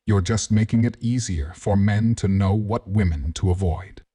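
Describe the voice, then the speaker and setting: Male commentator, very low and dark, husky, set back from the mic, sarcastic. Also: normal speed, recorded from a distance. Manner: dry, sarcastic.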